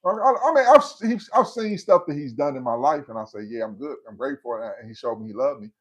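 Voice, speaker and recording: Animated man telling a spooky story. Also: fairly high pitch, fast talker, husky, dull audio. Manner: animated storyteller who acts out quotes. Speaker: livestream host. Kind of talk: casual storytelling on a livestream.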